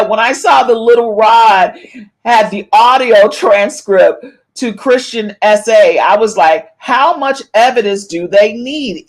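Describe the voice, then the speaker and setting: A woman hosting a casual live-stream gossip podcast, reading viewers' chat comments aloud and calling out meow to them. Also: fairly high pitch. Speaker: podcast host.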